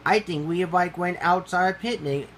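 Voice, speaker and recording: A man voicing an excitable young male animal in a storybook reading. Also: high voice, normal speed, slight background noise, voice pushed up. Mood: eager.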